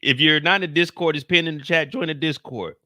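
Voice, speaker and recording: A man hosting a live after-show stream, talking casually with a US Midwestern accent, animated and profane, dropping to low mutters and rising to shouted outrage. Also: fast, no echo, studio quality.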